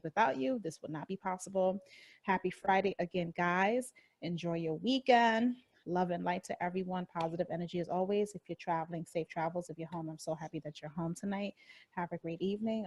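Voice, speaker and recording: A woman hosting a casual talk show, bubbly and quick to laugh. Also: lowish voice, a little mellow. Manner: bubbly, laughs often, hearty sign-off. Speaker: host.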